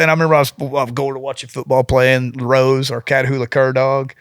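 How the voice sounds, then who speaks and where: A man in his forties talks in a middle pitch, earnest and rambling as he tells his stories. He slips into other people's voices when quoting them. The sound is dry and close, with no room around it. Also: little pitch movement, fast, few pauses, a bit bright, clear, resonant tone, no echo. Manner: earnest, rambling, acts out quotes. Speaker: guest police officer. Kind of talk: casual podcast storytelling.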